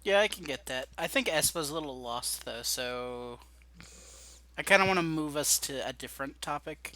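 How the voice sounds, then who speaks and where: A man's voice: fairly high pitch, expressive, moderate pace, sharp tone. A man hosting a casual podcast call, easygoing and laughing a lot as he steers the chat. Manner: laughs often, easygoing and unsure. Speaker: podcast host.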